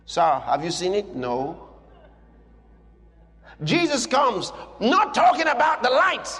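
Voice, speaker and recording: A man preaches with a high, lively voice that climbs and drops, slowly and deliberately. He swings between hushed asides and shouted lines, reading scripture to his hearers. The sound carries a long hall reverb. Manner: reads scripture aloud to a congregation. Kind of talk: sermon.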